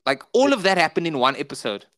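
A man's voice: fairly high pitch, sing-song, fast, fairly bright tone. A man with a South African accent, co-hosting a podcast, rambling through episode recaps in casual chat full of filler words. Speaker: podcast co-host.

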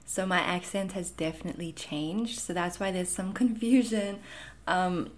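A woman's voice: lowish voice, fairly even intonation, normal speed. A woman in her thirties from South Africa, with a South African accent blended with Canadian, talking casually and reassuringly as she answers viewer questions. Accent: South African mixed with Canadian. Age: 30s. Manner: reassuring, chatty, frequent fillers. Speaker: anxiety content creator. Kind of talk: casual Q&A monologue.

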